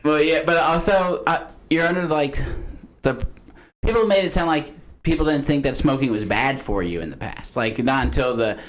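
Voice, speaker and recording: Relaxed chuckling young man. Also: a little high, normal speed.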